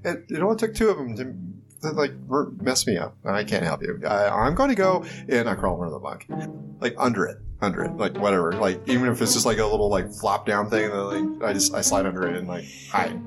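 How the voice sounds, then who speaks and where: A man's voice: fairly low pitch, sing-song, a little fast, over music. A man playing a tabletop game, talking in a hesitant, stammering way. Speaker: player.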